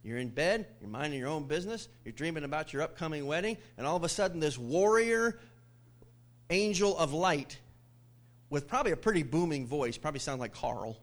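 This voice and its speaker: A middle-aged male pastor delivers a sermon, spinning stories with humor and quick asides. His voice sits a little higher than most men's. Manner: animated storytelling with jokes and laughs. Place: church.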